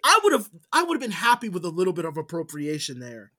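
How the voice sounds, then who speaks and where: A male podcast co-host in loose, casual chat. He tells his stories with lots of animation, cursing freely and jumping between loud bursts and low, hushed asides. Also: wildly swooping pitch, fairly quick.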